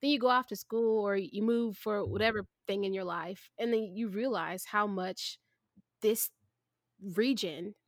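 A woman from the American South co-hosting a podcast in casual chat, relaxed, agreeable and quick to laugh. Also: medium pitch, no echo, clean studio sound. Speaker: podcast co-host.

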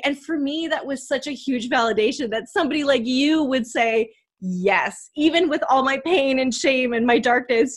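A woman's voice: high-pitched, measured pace. A woman from Canada hosting a podcast interview, talking in an earnest, heartfelt way about a personal story. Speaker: podcast host. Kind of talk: emotional conversational interview.

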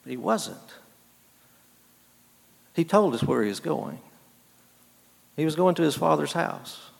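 A man preaching a sermon, halting and repeating words, moving between quiet and emphatic phrases. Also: fairly high pitch, lively intonation, vocal fry. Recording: long hall reverb.

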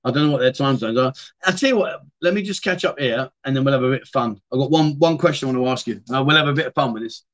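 A man's voice: medium pitch, fast talker. A middle-aged man hosting a casual livestream, rambling and chatting as he answers viewers' comments. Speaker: livestream host. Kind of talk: casual live-stream chat.

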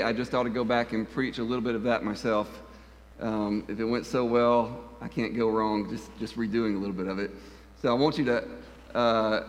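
A man's voice: a little high, fairly bright tone. A man preaching a conversational sermon as pastor, folksy and self-deprecating, leaning hard on key words. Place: church sanctuary. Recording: long church-hall reverb.

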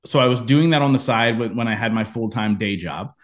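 A man in a podcast interview, telling a personal business story with lively acted-out quotes. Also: medium pitch, brisk. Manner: animated storyteller, acts out quoted lines. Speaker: podcast guest, entrepreneur.

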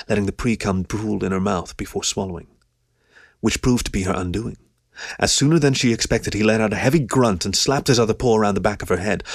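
A man reading an adult story aloud as a steady audiobook narrator. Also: lowish voice, dry recording, clean studio sound. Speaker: audiobook reader.

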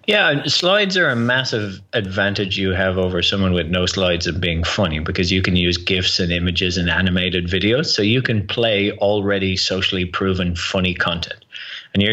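A man's voice: low-pitched, moderate pace, highs cut off. An Irish man, a guest on a podcast interview, energetically explaining advice on public speaking. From Ireland. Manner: energetic, explanatory, drops into quoted voices.

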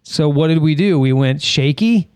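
A man's voice: fairly high pitch, normal speed, darkish tone, clear, resonant tone, dry recording. A man co-hosting a casual podcast, joking and reading out listener comments. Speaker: podcast co-host.

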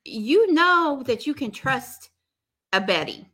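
A woman chatting casually, telling a story with animated acted-out quotes. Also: high voice, takes it slowly. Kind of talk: casual chat recapping a reality show.

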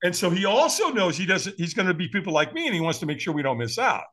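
A man's voice: high-pitched, fast. A man from the United States, a firewalk instructor and podcast guest, telling a story animatedly and acting out other people's voices with frequent chuckles. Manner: animated, acts out quoted voices, chuckles often. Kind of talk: storytelling in a conversation.

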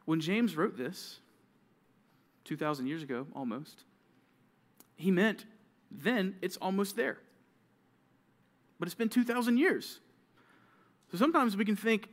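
A man preaching a sermon to junior high students, lively and conversational, acting out grumbling teens in quick asides. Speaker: youth pastor.

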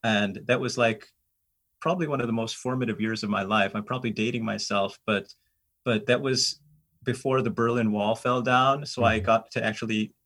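A middle-aged man from the United States with a somewhat low voice. He tells stories casually and rambles, restarting sentences and filling pauses as he goes. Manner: rambling, animated anecdotes with many fillers. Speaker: guest. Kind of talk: casual storytelling in a conversation.

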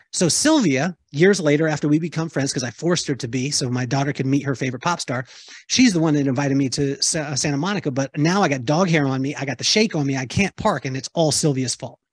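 A man telling a lively story to an audience, acting out the voices of the people in it. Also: a little high, slightly rough, dry recording. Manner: lively, acts out quoted voices. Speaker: keynote speaker answering audience. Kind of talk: animated storytelling talk.

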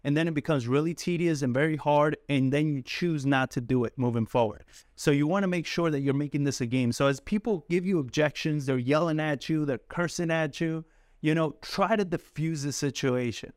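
A man coaching cold callers in a casual, talkative way who laughs often and acts out calls in a soft apologetic voice. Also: a little high, brisk, no room sound, studio quality. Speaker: sales coach. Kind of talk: coaching talk to camera.

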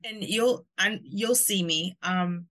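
A woman hosts a conversational podcast, her voice sitting a little low. She keeps agreeing with short affirmations and reflects her guest's points back. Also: takes it slowly, pushed and bright. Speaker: podcast host. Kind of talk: conversational interview.

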